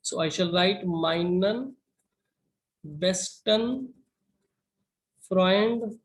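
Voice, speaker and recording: Language teacher, male, high voice, unhurried step-by-step lecturing with "right?" tags. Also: poor audio. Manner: slow, methodical, with repeated "right?" checks. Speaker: German teacher. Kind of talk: explaining grammar rules to students.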